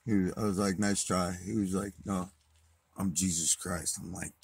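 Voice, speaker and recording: Deep husky man telling a wild story. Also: moderate pace, dry recording. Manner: profane, animated retelling, swings from muttered to shouted. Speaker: vlogger. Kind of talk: casual storytelling monologue.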